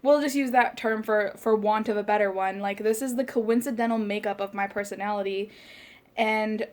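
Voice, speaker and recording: A woman's voice: medium pitch, fairly even intonation, moderate pace. Rambling, passionate woman in her late twenties. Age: late 20s. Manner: rambling, passionate, heavy use of "like" fillers. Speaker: podcast host. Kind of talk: casual life chat.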